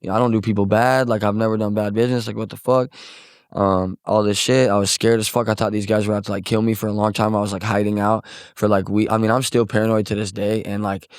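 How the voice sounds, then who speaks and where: A young man from Missouri tells a wild story as an interview guest, voicing the people in it and swearing freely. His voice sits low, and the recording is dry and close with no room sound. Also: fast, smooth, no room sound. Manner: animated storyteller acting out quotes, swearing freely. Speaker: guest musician.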